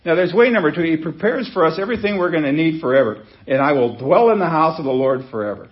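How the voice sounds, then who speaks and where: A male pastor delivers a sermon in a church, talking to his congregation in a relaxed, conversational way. His voice sits a little high for a man. He leans on rhetorical questions and repeats his key phrases. The recording sounds muffled and lo-fi. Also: fast. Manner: conversational preaching with rhetorical questions and emphatic repetition. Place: church sanctuary.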